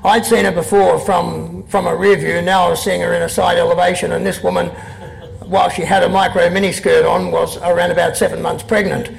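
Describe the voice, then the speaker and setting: Gravelly high-voiced Australian man in his sixties. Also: level tone, a little fast, rough recording. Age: 60s. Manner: dry, wry storyteller. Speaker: poet and guest. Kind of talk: reading poems and telling anecdotes on stage. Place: live event before an audience.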